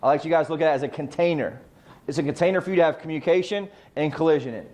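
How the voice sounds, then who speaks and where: A middle-aged man leads a real estate training session, his voice sitting a little high for a man. He talks straight to the group, tossing out rhetorical questions and answering them himself. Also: rapid-fire, darkish tone. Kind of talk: training talk.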